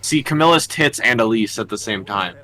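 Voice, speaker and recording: A man's voice: medium pitch, expressive, bright, forceful tone, rough recording. A man co-streaming a game, making sardonic, profane remarks. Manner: drawn-out, sardonic, swearing. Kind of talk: let's play commentary.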